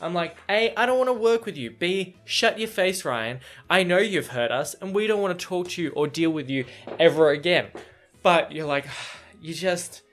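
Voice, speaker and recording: Rambling chatty man, slightly higher voice. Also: normal speed, fairly bright tone, soft background music. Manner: rambling and chatty, full of fillers and restarts, swears freely. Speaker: book reviewer reacting to a chapter. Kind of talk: casual reaction vlog.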